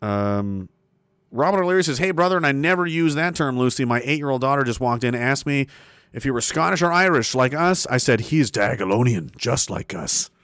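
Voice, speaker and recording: Brief: swearing livestream host, lively pitch, dry close sound, jumps from loud to muttered. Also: male voice, brisk, smooth, no echo. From Canada. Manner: profane, animated, swinging between loud emphasis and muttering. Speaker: livestream host reading viewer comments. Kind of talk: casual ranting livestream monologue.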